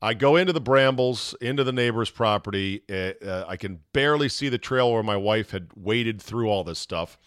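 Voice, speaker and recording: Animated male podcast host, dry close sound. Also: on the low side, moderate pace, hardly any pauses, smooth, no echo. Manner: animated, swears, acts out his own yelling. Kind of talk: casual storytelling monologue.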